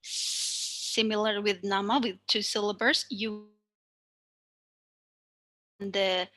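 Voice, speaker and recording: A woman's voice: mid-range voice, steady tone, slow pace, pauses often, pushed and bright, dry recording. A woman with an Indonesian accent teaching a language lesson online, talking carefully with many fillers.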